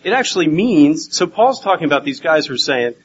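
A man preaching a Bible teaching sermon, animated and swinging between loud and hushed. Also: fairly high pitch, fairly quick, slight background noise. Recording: dull lo-fi recording with faint ambience.

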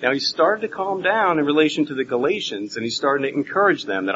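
Animated male preacher, lo-fi recording. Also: a little high, fast, few pauses, slight background noise. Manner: animated, swings from loud to hushed. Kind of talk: Bible teaching sermon. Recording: dull lo-fi recording with faint ambience.

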